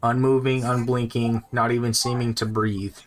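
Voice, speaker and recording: A man running a tabletop game as game master, narrating scenes in slow, descriptive, pausing speech. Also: medium pitch, flat delivery. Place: home streaming setup.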